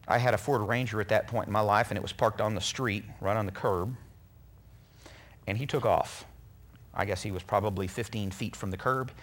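A middle-aged man preaching a sermon, telling personal stories in an earnest way and acting out what people said. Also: fairly low pitch. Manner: earnest, animated storyteller who acts out quotes.

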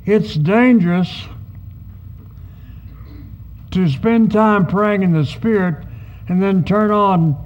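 A male pastor delivers a teaching sermon in a high, unhurried voice. He presses emphatic words and slips into quoted asides. The recording is somewhat dull and lo-fi.

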